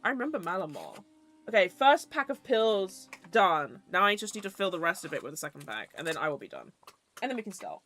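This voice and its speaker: Bright, lively woman rambling. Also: lowish voice, a little fast, faint music behind. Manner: rambling, chatty, swears casually. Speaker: VTuber streamer. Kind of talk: casual stream chat.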